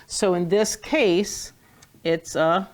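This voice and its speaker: A woman's voice: fairly low pitch, steady tone. A woman teaching a Hebrew reading lesson to a small class, patient and playful, stretching out key words. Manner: patient, playful, drawn-out words when stressing.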